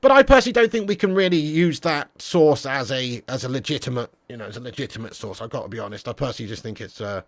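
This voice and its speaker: A man's voice: medium pitch, animated, fast, few pauses, no echo. A man hosting a live-stream fan chat, talking in casual, slangy banter with the odd swear word. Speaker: football channel host.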